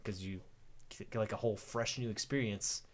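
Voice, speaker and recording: A man's voice: lowish voice, fairly even intonation, moderate pace. A man chatting casually as a podcast co-host, acting out quoted voices and laughing often. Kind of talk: casual chat.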